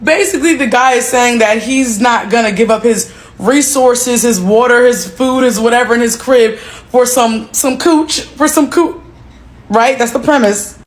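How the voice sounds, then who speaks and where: A woman's voice: on the high side, measured pace. A woman chatting casually as she reacts to a clip, amused and teasing.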